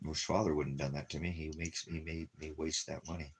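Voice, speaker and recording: A man's voice: a bass voice, flat delivery, a little fast, a little hiss or hum. A man rambling in a casual monologue, talking affectionately to his dog and musing about money and leaving town. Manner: rambling, talks baby-talk to his dog in bursts. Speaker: ministry vlogger.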